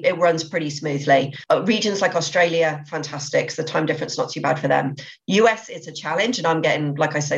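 Casual: low-pitched woman on a podcast, eager, keeps restarting her words, kinda dull lo-fi sound. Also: gravelly. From England. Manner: enthusiastic, many restarts and repeated words. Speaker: podcast guest, business owner. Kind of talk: podcast interview. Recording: slightly dull lo-fi audio.

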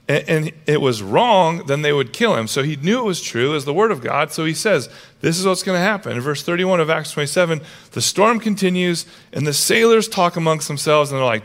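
Animated man preaching a sermon. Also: fairly high pitch. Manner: animated storytelling, acts out characters with raised voice. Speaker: pastor.

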